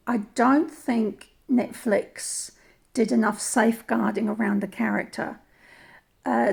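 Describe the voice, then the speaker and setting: Woman, New Zealand or Australian accent, opinion vlog, thoughtful, restarts often, raspy. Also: fairly high pitch, a little mellow. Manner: thoughtful, with frequent restarts and repeated words. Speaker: commentator.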